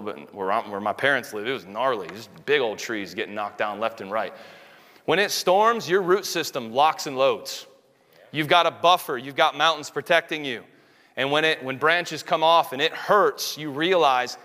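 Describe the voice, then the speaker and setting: A man preaching a sermon in a small church room, intense and animated, acting out quotes as he goes. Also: fairly high pitch. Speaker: pastor. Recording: long hall reverb.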